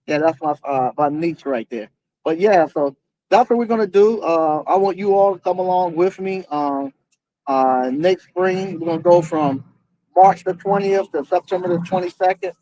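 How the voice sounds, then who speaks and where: A man's voice: fairly high pitch, a little mellow, poor audio. A man talking casually to camera as a vlogger, earnest and determined, often chuckling, with many fillers and restarts. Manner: halting, full of fillers and restarts.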